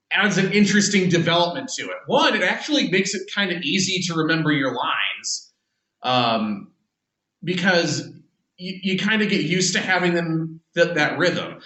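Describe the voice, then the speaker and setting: Bright-voiced man lecturing in an echoey room. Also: on the high side, distant mic. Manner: conversational, many fillers and restarts. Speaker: English teacher. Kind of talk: classroom lecture.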